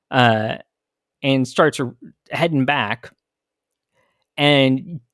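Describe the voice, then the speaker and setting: A man's voice: medium pitch, no echo, clean studio sound. Candid man telling a personal story. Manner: candid, reflective. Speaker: podcast host.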